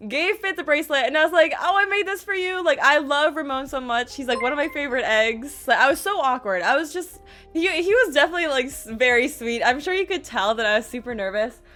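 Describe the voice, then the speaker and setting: A young woman with a high, bright-toned voice recounts her stories in a casual, excitable way. She pokes fun at herself and jumps into little quoted voices as she goes. Soft music plays faintly underneath. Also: fast talker. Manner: excitable, self-deprecating, animated quoting with laughs. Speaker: vlogger. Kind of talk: casual storytelling.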